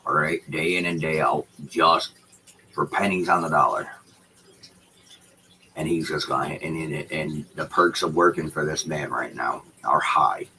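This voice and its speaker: Streamer type: deep-voiced man, forceful delivery, loose and profane chatter to his chat. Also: measured pace, a little hiss or hum, rough recording. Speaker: livestreamer talking to chat. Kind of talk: casual livestream chat. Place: home room with shelves behind him. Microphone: computer setup with dual screens.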